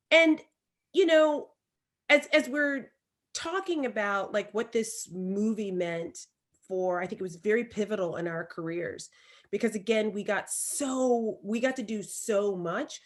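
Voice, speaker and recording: A Southern woman from Alabama co-hosts a casual podcast chat. She tells stories in an emphatic, animated way, and her voice sits at a middling pitch. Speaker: podcast co-host. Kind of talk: casual conversation.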